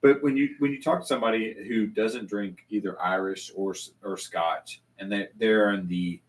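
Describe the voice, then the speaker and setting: A man's voice: fairly low pitch, steady tone, moderate pace. A man hosting a casual whiskey tasting chat at a bar, enthusiastic and full of stammering restarts, heard from a distant mic. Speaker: host.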